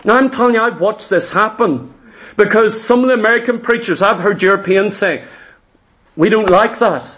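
High-voiced preaching man, emphatic. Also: moderate pace, fairly bright tone. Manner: emphatic, conversational preaching with rhetorical questions. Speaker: pastor. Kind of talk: sermon.

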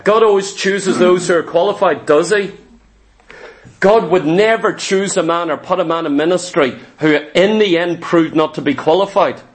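A pastor with a notably high-pitched male voice delivers a sermon. He preaches emphatically, pressing his listeners with rhetorical questions. He often repeats a word or two as he launches into a phrase. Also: normal speed. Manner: repeats words when starting phrases.

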